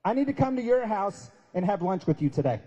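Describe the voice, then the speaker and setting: A man acting out a figure who calls loudly to someone across a crowd. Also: sits high, big pitch swings, a little fast, breathy edge, dull audio, heavily acted. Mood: calling out. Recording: long hall reverb.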